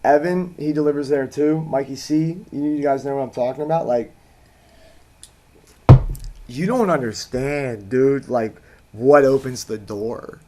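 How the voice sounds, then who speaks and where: A man's voice: medium pitch, unhurried, dark tone, slight background noise. A man casually telling a rambling story on a chat show, full of fillers, restarts and swearing. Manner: swears casually, laughs a lot. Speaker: co-host.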